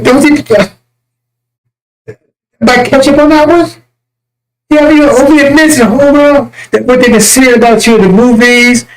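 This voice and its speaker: Male preacher, high pitch, fiery and crude, mocking tone, rambling prophetic rant. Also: poor audio. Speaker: self-styled religious messenger. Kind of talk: impassioned religious rant.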